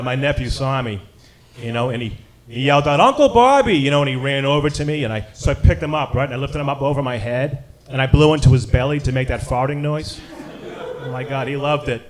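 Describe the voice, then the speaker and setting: A middle-aged man doing a stand-up set, punchy and wisecracking, with lots of "you know". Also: mid-range voice. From Boston area. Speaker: stand-up comedian. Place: comedy club stage with a live audience. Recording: live club recording, loud crowd. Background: audience laughter.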